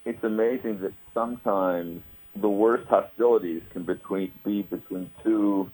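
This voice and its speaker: A man with a very deep voice, talking as a guest on a radio show. He explains things in a thoughtful, unhurried conversational way. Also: darkish tone, poor audio. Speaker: guest commentator.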